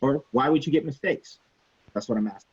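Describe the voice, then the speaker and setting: A man teaching chemistry in a casual, animated way, telling a story from his own student days and acting out the people in it. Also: mid-range voice, fairly quick, breathy edge, highs cut off. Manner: animated, acts out quoted people, swears casually. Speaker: chemistry instructor.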